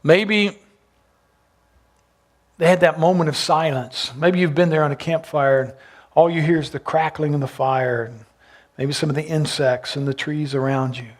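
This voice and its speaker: A man's voice: a little high, fairly even intonation, normal speed, long pauses. A man preaching a sermon as pastor, retelling a gospel story and asking his listeners questions. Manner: storytelling, asks the congregation questions.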